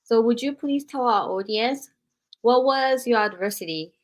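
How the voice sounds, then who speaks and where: A woman's voice: fairly high pitch, measured pace. A woman hosting a podcast interview, asking questions politely and hesitantly, with frequent fillers.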